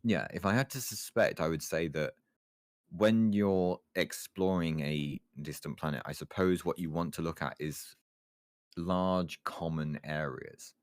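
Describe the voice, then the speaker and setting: A man's voice: low-pitched, a little slow. A man chatting casually on a podcast, hesitant and laughing often. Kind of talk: casual chat.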